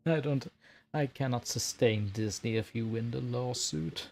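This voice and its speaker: A man's voice: medium pitch, unhurried, darkish tone, slight background noise. A man chatting on a live stream as host, scattered and self-mocking, laughing at his own slip-ups. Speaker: streamer, horror story narrator. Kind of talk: casual live-stream chat.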